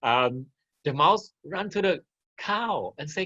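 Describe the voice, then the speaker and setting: A man's voice: fairly high pitch, expressive, takes it slowly, sharp tone, lo-fi sound. A man teaching an online class, telling a farmyard story and asking his listeners questions as he goes. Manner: interactive, asks the audience questions.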